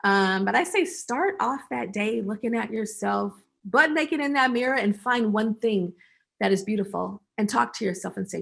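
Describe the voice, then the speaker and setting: Woman guest on a video call, chatty and animated, a bit of gravel in her voice, mid-pitched. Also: moderate pace. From United States. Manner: animated, acts out little voices of friends. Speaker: interview guest. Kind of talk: casual conversational interview.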